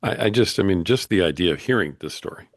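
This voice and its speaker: Deep-voiced easygoing male podcast host. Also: animated, fast, dry recording, studio quality. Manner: easygoing, laughs along, teasing. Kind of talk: casual interview.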